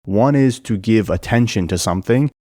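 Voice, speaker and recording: A man narrating an educational video and explaining things clearly and methodically. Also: on the low side, moderate pace, mellow, dry recording, studio quality. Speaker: language explainer.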